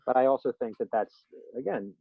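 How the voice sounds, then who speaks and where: A man's voice: medium pitch, fairly quick, no room sound. A man as a podcast guest in casual interview chat, a rambling, self-deprecating storyteller who acts out quotes. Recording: tinny phone-line sound, dry.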